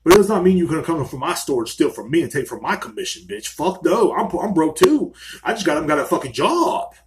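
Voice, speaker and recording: A man's voice: a little high, sing-song, a little fast. A man hosting a solo podcast, ranting angrily and swearing constantly from a small room. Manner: angry, profane ranting. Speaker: podcast host.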